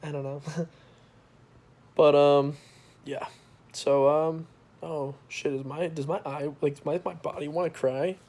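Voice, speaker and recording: A young man with a voice a touch higher than usual, vlogging on his own. He rambles candidly to his viewers and swears freely. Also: steady tone, normal speed, long pauses, a little mellow, a little hiss or hum. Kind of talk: casual confessional vlog.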